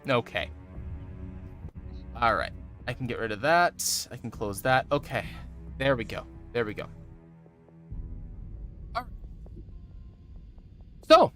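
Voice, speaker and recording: Bright, lively-voiced male game master. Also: medium pitch, slow pace, pauses often, faint music behind. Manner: chatty, jokey, rambling. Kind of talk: casual chat while running a tabletop game.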